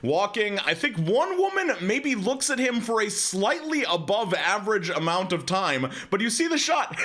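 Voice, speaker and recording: Sarcastic, bright-voiced male reaction host. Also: sits high, sing-song, normal speed, few pauses. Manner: sarcastic, swears freely. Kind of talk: casual commentary.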